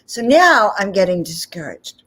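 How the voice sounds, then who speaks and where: Mid-range in pitch and talking at a normal speed, this woman shares a personal story on her spiritual talk channel. She's chatty and animated, constantly dropping in asides like "okay?" and "you know."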